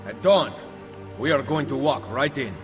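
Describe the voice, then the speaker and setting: A man's voice: medium pitch, lively intonation, long reverb tail, soft background music, lightly acted. A man playing a cool assassin. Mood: scheming. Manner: measured, dry, confident. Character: calm, cunning male Italian assassin.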